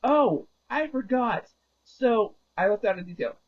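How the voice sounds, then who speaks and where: A man's voice: extremely high pitch, expressive, a little slow. A man streaming a game and casually retelling a story, rambling and often correcting himself mid-sentence. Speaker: gaming livestreamer. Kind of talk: casual storytelling while gaming. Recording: dull lo-fi recording.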